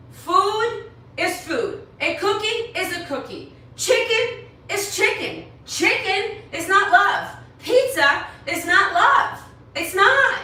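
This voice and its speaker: A woman's voice: high voice, bright, forceful tone, heavy reverb, distant mic, slight background noise, rough recording. A woman in her thirties from New York, a fitness coach talking earnestly and rambling a bit to her followers. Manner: earnest, rambling, repeats herself. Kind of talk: casual talk to followers.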